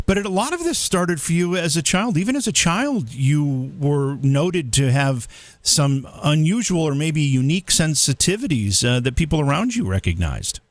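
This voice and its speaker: A man hosts a relaxed conversation, asking measured, probing questions. His pitch moves around with lively rises and falls, and the sound is dry, with no room echo. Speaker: podcast host. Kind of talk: interview questions.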